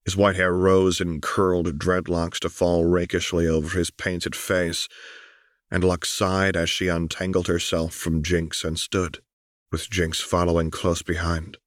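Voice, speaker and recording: A man narrating a story in a steady, even way. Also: sits low, measured pace, dry recording, clean studio sound. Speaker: audiobook narrator.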